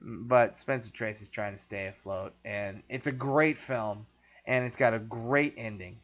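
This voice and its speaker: A man's voice: lowish voice, measured pace, fairly bright tone, highs cut off. Rambling, opinionated man in podcast chat. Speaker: film podcast host. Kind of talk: casual chat.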